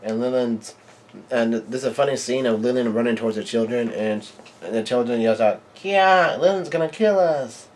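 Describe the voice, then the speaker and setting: A man hosting his own channel, reading a comic chapter aloud live and reacting as he goes, with halting delivery full of fillers and restarts. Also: mid-range voice, little pitch movement, darkish tone.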